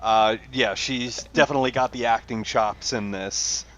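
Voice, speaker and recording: A man's voice: mid-range voice, fairly even intonation, moderate pace, fairly bright tone. A man co-hosting a podcast in casual chat, hesitant and full of fillers. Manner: hesitant, many "you know" fillers. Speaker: podcast co-host.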